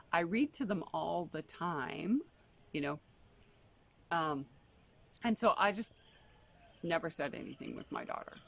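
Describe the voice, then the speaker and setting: A woman's voice: vocal fry, a little hiss or hum. A woman, a homeschooling mother, telling stories in a rambling casual way with lots of asides. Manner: chatty, rambling, full of "you know" asides; acts out quoted voices with big pitch jumps. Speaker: homeschooling mother and travel vlogger. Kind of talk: casual storytelling monologue.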